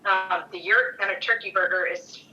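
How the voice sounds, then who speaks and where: A woman talking as a podcast guest in casual chat, enthusiastic and quick to laugh, recorded a little away from the mic. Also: medium pitch, fairly even intonation, pushed and bright, recorded from a distance, muffled recording. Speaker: guest, co-owner's wife. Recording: a bit off-mic.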